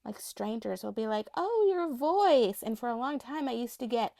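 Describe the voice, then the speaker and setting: A woman's high, thin voice carries a chatty, rambling vlog, broken by restarts and small laughs. Her phrase ends drop into a gravelly fry. The sound is dry and close, with no room around it. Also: steady tone, a little fast, darkish tone, no room sound. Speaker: doll collector showing her collection. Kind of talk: casual unscripted vlog chat.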